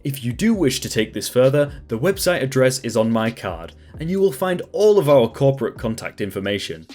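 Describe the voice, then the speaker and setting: A man's voice: medium pitch, sing-song, a little fast, a little mellow, soft background music, close to an everyday voice. A man reading a story aloud, voicing a polite but firm male restaurant manager.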